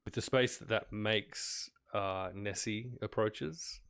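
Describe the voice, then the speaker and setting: A man narrating a tabletop game as game master, in a relaxed, meandering way. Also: on the low side, takes it slowly, clean tone.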